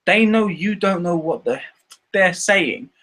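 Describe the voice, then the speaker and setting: A Scottish man with a fairly high voice chats loosely on a live stream. He rambles from thought to thought and keeps breaking into giggles. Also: animated, takes it slowly, a bit bright. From Scotland. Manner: rambling, giggly, laughs often. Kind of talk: casual chat.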